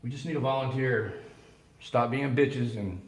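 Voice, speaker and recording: A man's voice: medium pitch, normal speed. A man hosting a vlog, mocking and goading the police in a sarcastic tone. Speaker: video host confronting police. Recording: echoey, from afar with faint noise.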